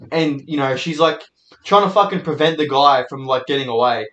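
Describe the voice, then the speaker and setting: A man's voice: medium pitch, fairly quick, sharp tone, muffled recording. A young man, hosting and telling rambling, sweary stories. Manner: rambling, sweary, laid-back anecdotes. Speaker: host. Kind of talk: casual storytelling monologue. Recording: echoey room.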